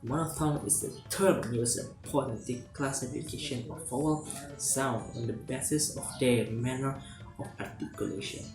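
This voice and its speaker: A man giving a student's lesson presentation, reading steadily from a script with some halting restarts. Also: medium pitch. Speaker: student presenting a class assignment. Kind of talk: read-aloud lesson presentation. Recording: roomy echo with faint music behind.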